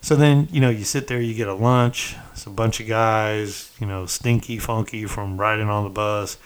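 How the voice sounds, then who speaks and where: Man, lowish voice, rambling casual storytelling, swears, quotes others. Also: little pitch movement, moderate pace, fairly bright tone, smooth. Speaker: former prisoner telling his story.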